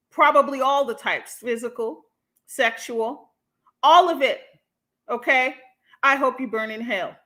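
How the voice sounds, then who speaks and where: A woman with a high, bright voice holds forth on her livestream, answering her chat as she goes. She talks bluntly and heatedly and swears freely. Her tone is sharp and forceful. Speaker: host.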